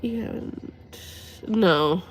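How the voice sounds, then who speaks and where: A young woman talking to her viewers about something painful, rambling and swearing, pausing to sigh and close to tears. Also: mid-range voice, faint music behind. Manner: rambling, sweary, halting with sighs. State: near tears. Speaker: livestreamer. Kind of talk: emotional personal talk to viewers.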